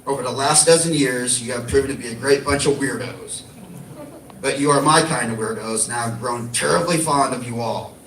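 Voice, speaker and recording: A man's voice: medium pitch, moderate pace, fairly bright tone. An Australian man giving a wry, dry-humored acceptance speech as a horror host. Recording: echoey room, distant mic, faint noise.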